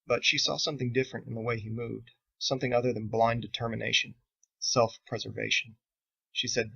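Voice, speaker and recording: A man reading his own novel aloud in steady, measured audiobook narration. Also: mid-range voice, vocal fry, breathy edge, highs cut off.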